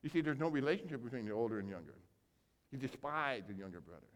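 A man preaching a sermon as pastor, telling a story with animated acting-out of characters and big swings between loud and soft. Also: mid-range voice, quick pace. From grew up on a small farm. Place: church sanctuary. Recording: long hall reverb.

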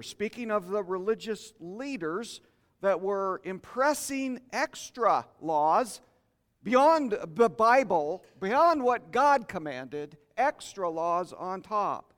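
High-voiced preacher in a reverberant hall. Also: male voice, sing-song, slow pace, a bit bright. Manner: conversational, invites congregation to share. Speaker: pastor. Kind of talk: interactive sermon.

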